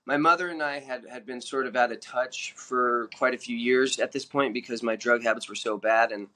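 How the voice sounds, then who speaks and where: A man in the middle of his pitch range tells his own story on a podcast, with a bright, forward tone. He talks in a frank, plain-spoken way and stops to restart his sentences. The delivery stays candid and unpolished. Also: steady tone, normal speed. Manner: frank, plain-spoken, many fillers and self-corrections. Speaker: podcast guest sharing recovery story.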